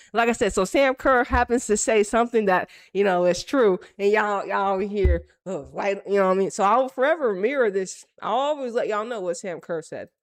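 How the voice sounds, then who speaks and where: A woman giving casual, profane football reaction commentary in rapid, animated banter. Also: fairly high pitch, dry recording, studio quality.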